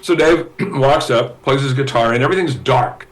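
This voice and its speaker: A man telling a story as a guitarist guest in an interview, animated, with restarts and fillers. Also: medium pitch, moderate pace, rough recording. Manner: animated storyteller, acting out quoted voices.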